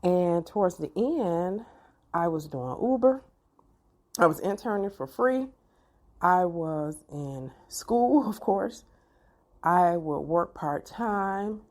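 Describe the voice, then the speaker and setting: A middle-aged woman, telling a personal story to her viewers in an animated, expressive way. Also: lowish voice, slow pace. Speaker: vlogger.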